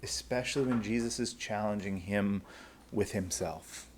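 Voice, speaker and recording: A man's voice: lowish voice, moderate pace, a little hiss or hum. A man teaching a bible school class in a conversational way, often repeating words as he starts a thought.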